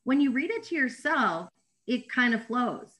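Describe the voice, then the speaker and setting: A woman's voice: on the high side, sing-song, moderate pace, fairly bright tone. A woman in a casual group chat, asking questions and restarting her sentences. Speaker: book club member.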